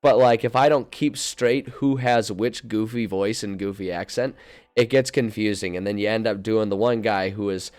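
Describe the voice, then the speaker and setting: A man's voice: on the low side, moderate pace, a little mellow, clear, resonant tone. A man chatting casually on a livestream as a game master, rambling and restarting his sentences. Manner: rambling, self-interrupting, laughs often.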